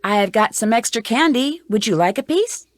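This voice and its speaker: A woman's voice: on the high side, animated, moderate pace, natural voice. Nancy Drew, as a woman voices her. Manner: polite, earnest and matter-of-fact. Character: young woman detective, polite and determined. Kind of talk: video game voice acting.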